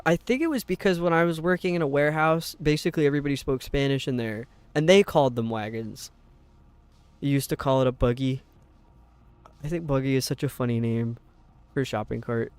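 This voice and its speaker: Fairly high-pitched and smooth, this young man's voice carries a slight New York accent from upstate. Streaming a game, he rambles chattily to his viewers and breaks into quick laughs, recorded without echo.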